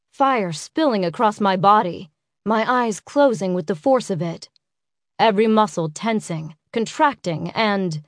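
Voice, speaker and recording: A woman reading a first-person romance audiobook in an intimate, unhurried way. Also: medium pitch, no echo, clean studio sound. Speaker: audiobook narrator.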